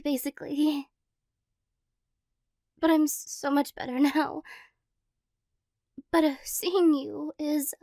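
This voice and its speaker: A woman in a whispered role-play as a tearful ex-girlfriend, talking softly and rambling, flustered and emotional. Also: high voice, dry recording, clean studio sound. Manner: soft, rambling, self-conscious and emotional. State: teary after crying. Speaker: ASMR role-play performer.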